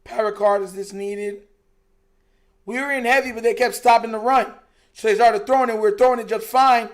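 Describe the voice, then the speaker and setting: A young man with a high-pitched, steady voice hosts a live stream, reacting briskly to a football game. He's frustrated and emphatic in his casual chat, repeating himself and saying "bro" a lot.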